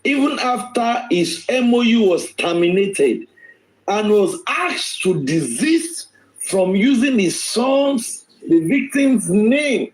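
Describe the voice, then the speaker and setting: A man's voice: high voice, darkish tone, slight background noise, low-quality recording. A man speaking emphatically on a live stream, repeating phrases, his voice swinging sharply up and down. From Nigeria. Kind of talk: impassioned live-stream talk.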